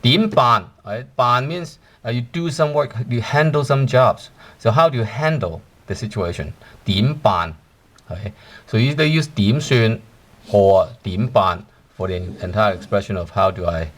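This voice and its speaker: A man's voice: fairly low pitch, measured pace, fairly bright tone. A man teaching a language lesson, explaining patiently with many fillers and tag questions.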